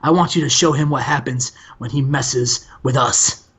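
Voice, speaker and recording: A man putting on the voice of a smug, scheming male wrestling boss, fast-talking and falsely reassuring. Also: mid-range voice, fairly bright tone, breathy edge.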